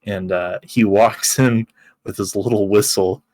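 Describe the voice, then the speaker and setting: A man's voice: on the low side, fairly even intonation, unhurried, darkish tone, no room sound. A man co-hosting a podcast in casual chat, laughing often as he talks and acting out quotes. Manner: laughs while talking, acts out quotes. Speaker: podcast co-host.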